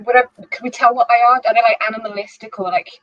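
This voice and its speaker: A woman's voice: a little high, level tone, quick pace, lo-fi sound. A woman playing a tabletop game, hesitant and full of uhs. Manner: hesitant, uh-filled. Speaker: player. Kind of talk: casual tabletop role-play.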